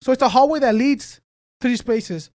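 A man's voice: extremely high pitch, moderate pace, a little mellow, no room sound, clean studio sound. A young man in casual chat who rambles, restarts his sentences often, and swears casually.

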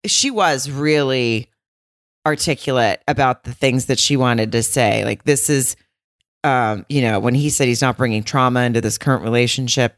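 A chatty woman co-hosting a podcast, her speech full of fillers as she recaps and reacts. Her voice is unusually deep for a woman. The sound is dry and close. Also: no room sound. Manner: chatty, hesitant with fillers, mimics others in high squeaks. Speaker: podcast co-host. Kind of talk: casual chat.

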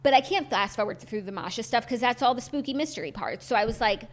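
A young woman co-hosting a chatty podcast, with a voice pitched a little high. She talks in an animated, exasperated way, full of "like" fillers. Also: fast. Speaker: podcast co-host. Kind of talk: casual chat.

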